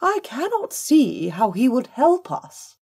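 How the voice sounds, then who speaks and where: A woman's voice: sits high, wildly swooping pitch, slow, darkish tone, slightly rough, voice pushed up, exaggerated voice. A woman reading an audiobook, voicing a mocking old great-aunt who is only a talking head. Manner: arch, mocking.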